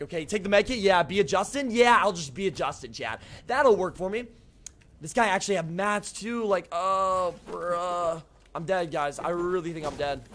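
A man's voice: high-pitched, fairly bright tone. A young man streaming a video game live, chatting with his viewers, greeting them by name and repeating himself when flustered. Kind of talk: live gameplay commentary to chat.

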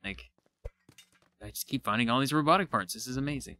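A man giving casual let's-play commentary, excitable and thinking aloud as he explores, now and then poking fun at himself. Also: mid-range voice, brisk. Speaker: gaming YouTuber.

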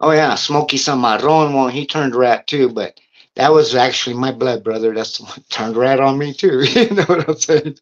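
A middle-aged man, a guest on an interview, telling rough stories in a casual, profane, streetwise way. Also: medium pitch, normal speed. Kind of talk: casual storytelling. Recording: dull lo-fi recording.

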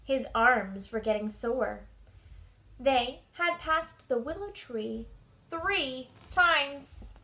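Slow, animated woman reading aloud. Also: sits high. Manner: expressive and animated. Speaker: storybook reader. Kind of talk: reading a children's book aloud.

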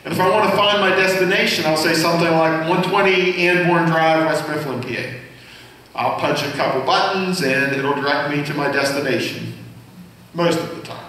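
A man's voice: fairly high pitch, normal speed, pushed and bright. A man preaching a sermon as senior pastor, speaking conversationally and asking the congregation questions. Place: church sanctuary. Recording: very echoey hall, voice from far off.

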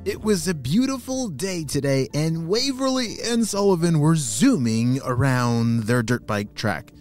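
A man narrating a children's story with a playful, enthusiastic delivery. His voice sits a little high for a man and swoops widely up and down. Faint music plays behind him. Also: very animated, measured pace, a little mellow. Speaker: children's storyteller and podcast host.

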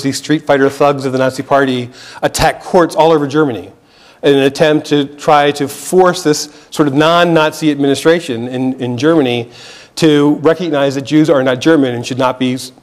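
An American man giving a public history lecture in an earnest, explanatory way, often restarting phrases and checking in with the audience. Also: a little high. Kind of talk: museum lecture. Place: lecture hall.

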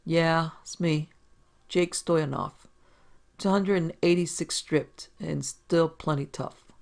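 A man reading a gruff, drawling brute of a middle-aged building manager in an audiobook. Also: a little high, fairly even intonation, slow. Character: big brutish middle-aged male building manager, mocking.

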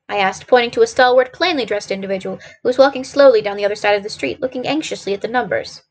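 A woman's voice: on the high side, fast, few pauses. A woman streamer reading a classic detective novel aloud, narrating steadily with a few small slips.

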